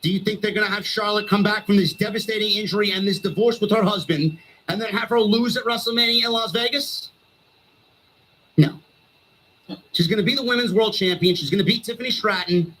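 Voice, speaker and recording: A man's voice: sits high, fairly quick, fairly bright tone, slight background noise, rough recording. A male streamer delivering a heated, sarcastic wrestling rant full of swearing.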